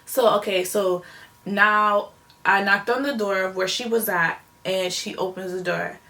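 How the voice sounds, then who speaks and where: A woman's voice: mid-range voice, steady tone, a little slow, pushed and bright. A young woman telling a personal story on her own channel in a casual, emotional, rambling way, with many fillers. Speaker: vlogger.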